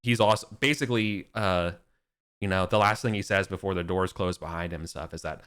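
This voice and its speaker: A man's voice: deep voice, brisk, a bit bright, smooth. A young man running a tabletop game as game master, narrating loosely with plenty of fillers. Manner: loose and rambling, heavy on fillers.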